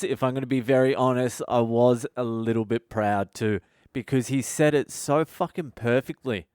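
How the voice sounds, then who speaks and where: A male comedian hosting his podcast, telling a funny story in a casual, animated way and swearing constantly. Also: mid-range voice, smooth, no echo, studio quality. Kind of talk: casual comic storytelling monologue.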